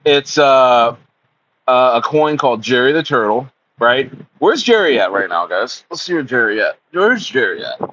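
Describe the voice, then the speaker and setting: A young man chatting casually on a livestream, excitable and rambling, calling his viewers bro and dude. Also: mid-range voice, moderate pace, muffled recording. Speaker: crypto livestreamer.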